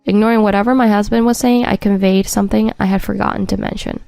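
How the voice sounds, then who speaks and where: A woman's voice: mid-range voice, fairly even intonation, fast, vocal fry, a little mellow, no echo, soft background music. A woman narrating a first-person story in a wry, matter-of-fact scripted read.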